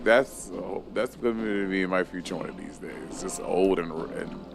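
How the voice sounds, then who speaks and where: A man in his thirties with a lowish voice chats casually as a co-host. He tells rambling stories and swears freely. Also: unhurried, gravelly, faint music behind. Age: 30s. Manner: chatty storyteller, swears freely. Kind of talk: casual chat.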